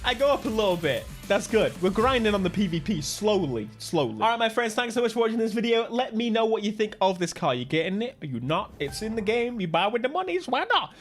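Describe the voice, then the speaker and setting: A man with an English accent giving excitable live commentary on a racing game, often yelping and shouting. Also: high voice, fast talker, hardly any pauses, faint music behind. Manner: excitable, bursts into yelps and shouts. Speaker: gaming YouTuber.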